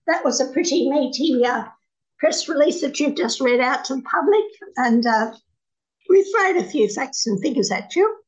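A woman's voice: high voice, animated, moderate pace, lo-fi sound. A woman hosting a community radio talk program, chatty and loose with fillers. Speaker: radio host.

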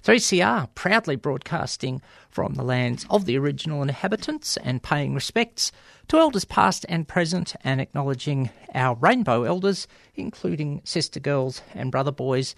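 A man's voice: a little high, lively intonation, moderate pace, gravelly, no echo, studio quality. A man with an Australian accent hosting a community radio show, talking casually with many ums and wry, joking asides. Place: radio studio. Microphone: studio microphone.

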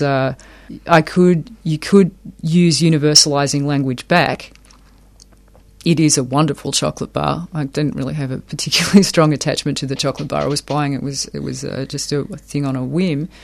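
Thoughtful higher-voiced man explaining ideas. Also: normal speed, vocal fry, hardly any pauses. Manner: thoughtful, repeats words while working out a point. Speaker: academic interviewee. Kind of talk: explanatory interview talk.

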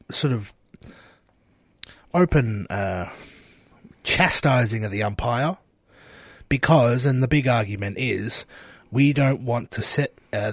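A man's voice: medium pitch, no echo. A man co-hosting a casual sports chat, who repeats questions back and reasons through them. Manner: thoughtful, restates questions aloud. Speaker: co-host.

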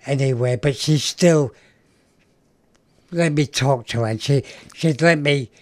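A man's voice: medium pitch, measured pace, no room sound. An older man from England, a guest in an interview, rambling through memories and repeating his words. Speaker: guest, self-advocate. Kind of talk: casual interview, reminiscing.

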